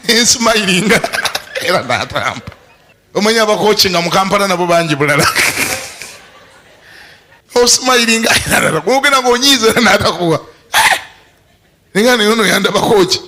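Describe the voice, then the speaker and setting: Bishop, man, fairly high and bright voice, lively sermon with laughter and sudden shouts. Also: a little fast, long pauses, slight background noise. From Uganda. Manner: animated, laughing, bursts into shouts.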